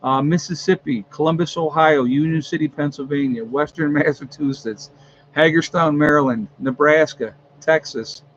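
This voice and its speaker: A fairly high-voiced man chats casually as he hosts a livestream from home, with plenty of ums and uhs. The audio is a little muffled, with a faint hiss underneath. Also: normal speed. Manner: chatty, with many ums and uhs. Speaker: livestream host. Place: home, on his homestead.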